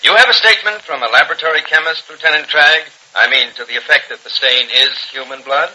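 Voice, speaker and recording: Pushy prosecutor, higher husky voice, bright and lively. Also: male voice, fast talker, heavily acted, poor audio. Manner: probing, insistent questioning. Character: pressing prosecutor. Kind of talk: 1940s radio acting.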